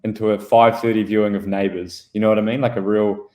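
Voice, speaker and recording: A man's voice: lowish voice, level tone, quick pace, a little mellow. Sheepish man, echoey remote line. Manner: sheepish, apologetic, rambling. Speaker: podcast co-host. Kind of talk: casual chat.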